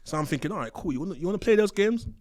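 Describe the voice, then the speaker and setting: A man telling stories from his days as a prison officer, slangy and animated, acting out the voices of the people he describes. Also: high-pitched, rapid-fire, dry recording, clean studio sound. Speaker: interview guest, former prison officer. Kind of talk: casual storytelling. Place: studio.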